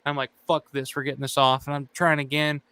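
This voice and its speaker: A channel host runs a casual chat show, telling a loose story full of swearing, laughing often, and acting out what people said. His voice is a little high, smooth, and sharp, with a level tone, a slightly fast pace, and no echo.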